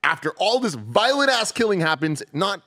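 A man on a podcast reacting to a film with lively disbelief, swearing and picking apart the scenes. His pitch swings widely and sits slightly high, and the recording is close and dry. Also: moderate pace, dry recording. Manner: animated, incredulous and sweary, laughing at scenes. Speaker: podcast co-host. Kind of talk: casual chat, film review.

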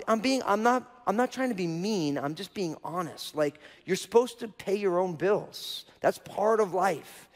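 A male pastor preaching a sermon in a casual, conversational way, often checking in with the audience by asking "right?". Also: sits high. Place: church auditorium. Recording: long reverb of a church hall.

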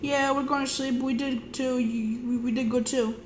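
A woman with a high, bright voice acting out a playful toy story, tripping over her words and repeating them as she goes. Her talk swings between excited squeals and hushed, sleepy lines. She sounds roomy and a little distant, with a faint hum of ambience behind her. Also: normal speed. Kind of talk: improvised toy play with character voices.

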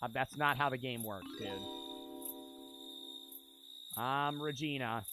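A man's voice: mid-range voice, brisk. A man giving casual gameplay commentary, joking, swearing freely and laughing at himself. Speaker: gaming streamer. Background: game music.

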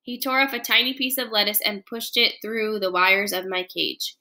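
A woman, a first grade teacher, reading a children's chapter book aloud in an expressive, lively way. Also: medium pitch, moderate pace.

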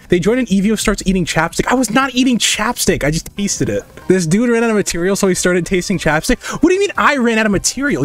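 A young man streaming as a digital artist, chatting casually and profanely, reading his chat aloud and firing jokes back. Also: sits high.

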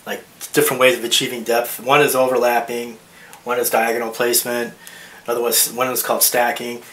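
A man's voice: medium pitch, little pitch movement, a little fast, bright, forceful tone. A man teaching a drawing lesson as he works, thinking aloud and rambling, with many restarts. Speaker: art teacher. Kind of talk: drawing demonstration. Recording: roomy echo, mic at a distance, faint hiss.

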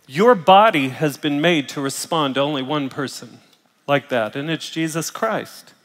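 In a big church auditorium, a middle-aged pastor delivers a sermon a little slowly, his somewhat high male voice strained by pain and broken up with coughing and throat-clearing. He shifts between soft, intimate phrases and loud, forceful bursts, and lengthy reverb lingers after every line.

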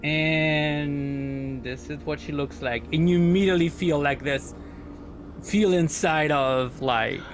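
A man with a slightly high voice narrates slowly as the game master of a tabletop game, rambling, groping for words, and leaning on lots of fillers. Faint background noise sits under the recording.

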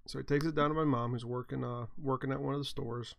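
A man's voice: medium pitch, fairly even intonation, fast, vocal fry. A tired man hosting a casual chat, telling rambling stories with a wry, self-mocking humor. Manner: rambling, wry, chuckles at his own mishaps. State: tired, yawning. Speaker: blacksmith hosting a chat show. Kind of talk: casual storytelling.

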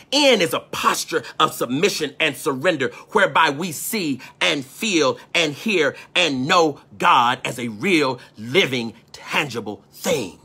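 A man preaching a spiritual lesson in a sermon cadence, calling out to his listeners and breaking into shouts and sung phrases. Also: on the high side, animated, slow, husky. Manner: call-and-response, rising into shouts and sung phrases. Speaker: preacher and teacher.

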